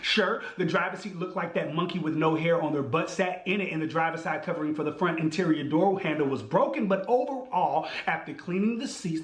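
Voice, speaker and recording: A man hosting a podcast, telling a comic story in an animated way with slang and voiced asides. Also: on the high side, reverberant. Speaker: podcast host. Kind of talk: storytelling monologue.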